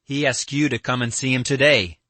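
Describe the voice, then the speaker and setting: A man's voice: lowish voice, moderate pace, a bit bright, dry recording, lightly acted. A man reading an audiobook, voicing an earnest young man who urges and pleads with heavy emphasis. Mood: insistent.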